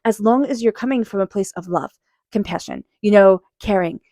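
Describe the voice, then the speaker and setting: A woman's voice: mid-range voice, moderate pace, no echo, studio quality. Earnest woman giving a tarot reading. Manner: earnest, encouraging, repeats phrases with filler words; quiet repeated chanting while shuffling. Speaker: tarot reader. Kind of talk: casual spoken tarot reading.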